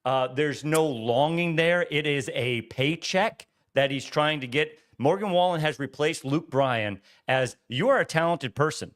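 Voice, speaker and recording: A man's voice: fairly high pitch, measured pace, few pauses, a bit bright. A man co-hosting a casual podcast chat, opinionated and ranting with emphatic stress. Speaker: podcast co-host.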